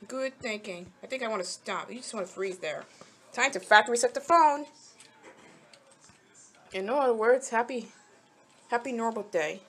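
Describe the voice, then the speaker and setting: Her fairly high voice moves at normal speed, broken by long pauses. This young mobile game channel host offers loose, rambling commentary while playing, chatting with the characters and quickly growing frustrated.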